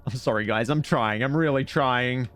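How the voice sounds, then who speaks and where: A male streamer talking through a video game, dry and jokey, often muttering to himself. His voice sits at an ordinary middle pitch, and he riffs sarcastically on what he finds. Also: moderate pace, a bit bright, soft background music. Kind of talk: casual gameplay commentary.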